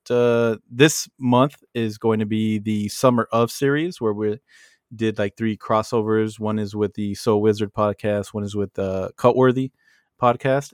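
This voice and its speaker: A man guesting on a podcast in easygoing casual chat, laughing often and filling pauses with "uh". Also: fairly low pitch, a little mellow, dry recording, clean studio sound.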